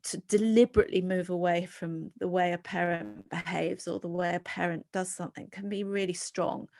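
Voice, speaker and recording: A middle-aged British woman being interviewed as a psychologist, talking earnestly and animatedly with quick restarts. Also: on the low side, fairly even intonation, darkish tone. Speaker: guest psychologist. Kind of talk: podcast interview.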